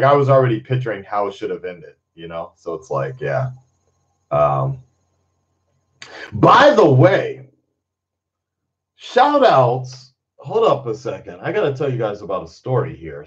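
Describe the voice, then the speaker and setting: A man's voice: fairly low pitch, lo-fi sound. Rambling, swearing man in casual chat. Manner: rambling, laughs often, swears freely. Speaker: channel host.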